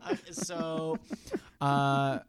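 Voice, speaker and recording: A man co-hosting a podcast, telling stories in casual chat and loudly acting out other people's lines. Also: on the high side, very slow, over a noisy crowd. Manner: animated, acts out voices in shouts. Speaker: podcast co-host.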